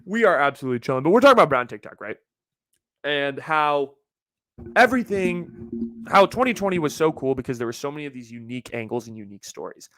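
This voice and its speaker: A young man riffing alone on his podcast, animated and swearing freely as he rants. His voice sits a bit high, and the sound is dry and close with no room around it. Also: fast, no echo. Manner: animated, profane, ranting. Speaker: podcast host. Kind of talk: solo casual podcast rant.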